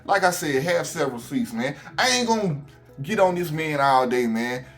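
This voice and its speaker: A man's voice: on the high side, normal speed. Ranting Alabama man over faint music. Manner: animated, repetitive, addresses the subject directly. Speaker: YouTube commentator. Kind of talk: ranting commentary vlog.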